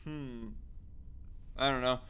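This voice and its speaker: A man's voice: mid-range voice, fairly even intonation, slow pace, sharp tone, clean tone. A man hosting a casual live stream, often laughing as he reads chat comments aloud. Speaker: streamer host.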